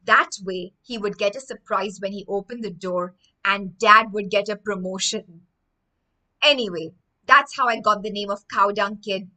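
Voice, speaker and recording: A woman's voice: mid-range voice, moderate pace, pushed and bright. A woman reading aloud as a boy telling his own embarrassing story in storybook style. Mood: storytelling. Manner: storybook first-person narration.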